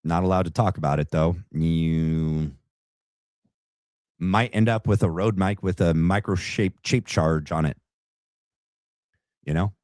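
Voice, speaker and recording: A man's voice: deep voice, unhurried, pauses often, a little mellow, no room sound, clean studio sound. A man hosting a casual reaction commentary show, talking in a sarcastic, rambling, mocking way.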